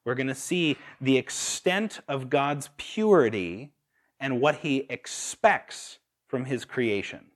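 A young man preaching a sermon in a relaxed, conversational way, with fillers and restarts. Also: medium pitch, takes it slowly. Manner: conversational with fillers and restarts, laughs at own stories.

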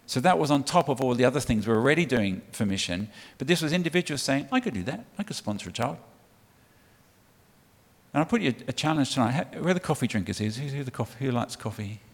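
Racing along with few pauses, a middle-aged man from England gives a sermon talk to a church, his medium pitch full of lively intonation. He appears as a guest speaker for a child sponsorship charity and rambles chattily through many ums and restarts. A long large-hall reverb surrounds him in the church hall.

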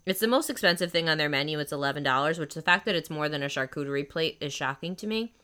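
A young woman with a low, bright and clear voice chats eagerly about her favorites, filling her sentences with "like." She sounds crisp and forward, relaxed in casual conversation. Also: fast talker. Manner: chatty, enthusiastic, lots of "like". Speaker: podcast host. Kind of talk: casual chat.

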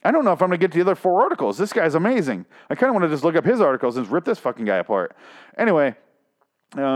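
A man with a middle pitch and a very lively, swinging delivery rants as he mocks a piece of writing. He swears freely and sounds sarcastic and incredulous. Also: fast talker. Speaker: commentator reading an article aloud. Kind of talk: comedic reaction commentary.

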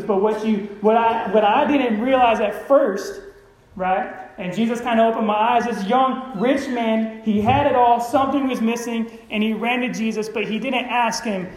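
A man's voice: extremely high pitch, normal speed, roomy sound, low-quality recording. A man preaching a sermon as pastor, conversational and often checking in with the congregation. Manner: conversational, keeps asking the congregation "right?".

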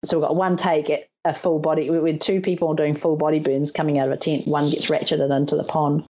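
A woman's voice: low voice, quick pace, dull audio. A woman, a stunt performer in her thirties, telling stories in a casual interview and acting out the lines of people she quotes, laughing often. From New Zealand. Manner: animated, laughing, acts out quotes.

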